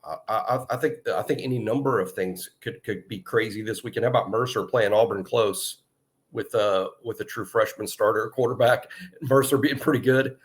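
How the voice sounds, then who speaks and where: A man's voice: on the low side, normal speed. A man co-hosting a college football podcast in easygoing, agreeable chat. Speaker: sports podcast co-host. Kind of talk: casual sports chat.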